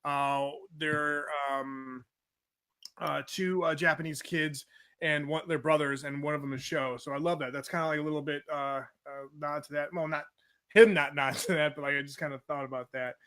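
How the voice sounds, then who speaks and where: A man's voice: on the high side, steady tone, moderate pace, a bit bright. A man co-hosting a casual show, reading listener comments with enthusiasm and frequent laughter. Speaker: podcast co-host.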